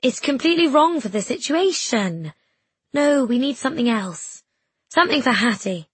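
A woman's voice: high-pitched, lively intonation, moderate pace, husky, dry recording, voice pushed up, heavily acted. A woman voicing a kindly, hesitant choirwoman. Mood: fretful. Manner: gentle, hesitant, then decisive. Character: kindly fussy middle-aged village choirwoman. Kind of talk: audiobook character voice.

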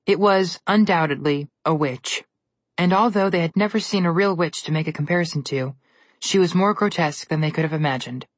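A woman narrating a storybook in an even, measured reading. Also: on the low side, no echo.

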